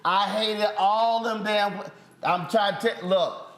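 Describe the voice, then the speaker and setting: A man's voice: high voice, steady tone, slow pace, a bit bright. A male talk show host ribbing his panel in slangy, joking banter, interrupting often.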